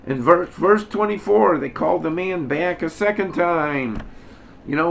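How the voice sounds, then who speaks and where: A man's voice: fairly high pitch, measured pace, gravelly. Regular guy teaching bible study, blunt and folksy, does mocking voices, a little background hiss.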